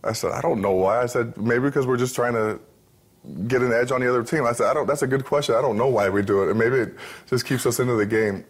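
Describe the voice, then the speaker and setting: A man's voice: mid-range voice, fairly even intonation, fast. A man in his thirties, a professional football player, talking candidly and easily as an interview guest, with many fillers and restarts. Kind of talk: relaxed interview talk.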